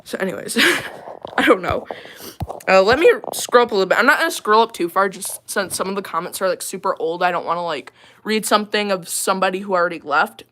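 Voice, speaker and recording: A woman talks into a livestream from her bathroom with a bright, clear-edged voice. She rants in a casual, rambling way and stays emphatic and defiant. She is firm and unapologetic. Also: medium pitch, brisk, a little hiss or hum. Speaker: livestreamer with a service dog.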